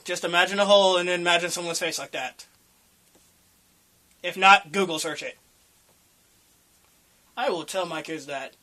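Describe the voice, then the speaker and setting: A young man with a high, bright voice talks in a casual, profane way. He rambles from point to point and swears freely. He often bursts into loud, excited rants. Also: moderate pace, pauses often. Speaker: podcast co-host.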